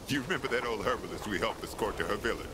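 A man's voice: lowish voice, expressive, racing, background noise, natural voice. An actor playing a cautious, earnest adult male survivor in a video game. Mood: steady.

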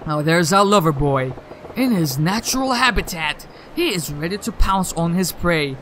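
A man's voice: on the high side, animated, moderate pace, a bit bright, slight background noise. A man hosting a let's play, commenting wryly and joking over a game. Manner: wry, joking. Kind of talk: gameplay commentary.

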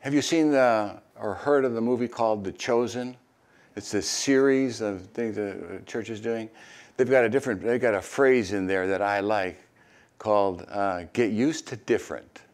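An older man, a retired pastor, preaching a sermon and reading scripture, with hesitant asides full of fillers and sudden animated bursts. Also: moderate pace. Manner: animated, jumps high and loud when acting out crowd voices.

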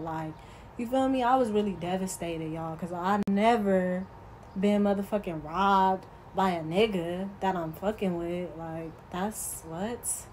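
A woman's voice: medium pitch, a little slow, darkish tone, slight background noise, poor audio. A woman vlogger telling a casual storytime, profane and emphatic, talking straight to her viewers.

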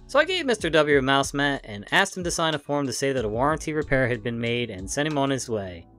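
A man narrating funny internet stories in a lively, expressive way. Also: mid-range voice, quick pace, few pauses, faint music behind. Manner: lively, expressive, acts out the dialogue. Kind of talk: reading internet stories aloud.

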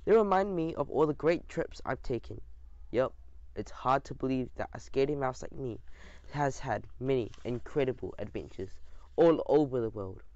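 A man narrating a children's audiobook in an expressive, lively storytelling manner, with the odd small slip. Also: medium pitch, moderate pace, dry recording. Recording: dull dry lo-fi sound.

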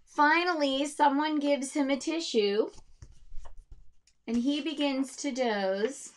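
A woman's voice: high voice, fairly even intonation, slow. A woman music teacher explaining how to teach music with storybooks, demonstrating sounds and voices for her students.

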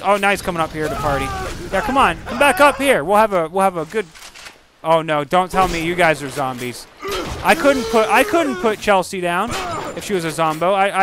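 Excitable, foul-mouthed gaming commentator man. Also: sits high, slight background noise. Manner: excitable, profane, yelling at enemies. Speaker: gamer commentator. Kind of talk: casual gameplay commentary.

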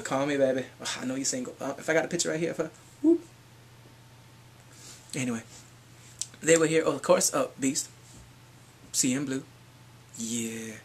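An excitable man recapping a concert in a casual fan vlog. His voice leaps all over the place, dropping to hushed whispers and then jumping to shrieks. A faint hiss of noise sits behind him. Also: fairly high pitch, normal speed, long pauses. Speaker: fan vlogger.

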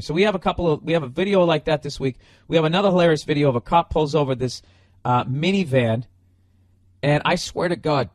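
A middle-aged podcast host with a fairly high voice tells stories and rants casually, swearing a lot and often restarting his sentences loosely. His delivery is animated and profane, and the studio-quality recording has no echo.

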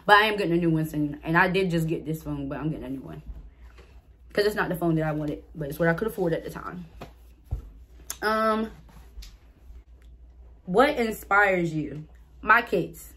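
A woman's voice: lowish voice, moderate pace, long pauses, a bit bright. A young woman vlogger casually answering get-to-know-me questions, chatting straight to her viewers. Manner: reads out each question, then answers it.

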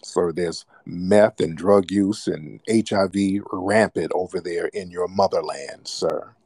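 Deep-voiced American male talk host, taunting and insistent, dry close mic. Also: steady tone, slow pace, darkish tone, dry recording. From United States. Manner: mocking, insistent, repeats himself. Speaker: radio show host. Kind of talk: heated call-in argument.

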